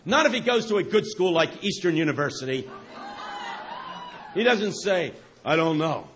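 A man preaching a sermon, animated, swinging from near-shouts down to hushed lines. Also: sits high, moderate pace, a little hiss or hum.

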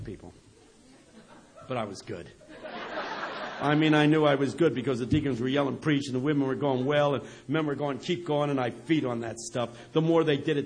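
A man preaching a sermon, telling a story and building up to shouted crescendos before a live audience. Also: mid-range voice, background noise.

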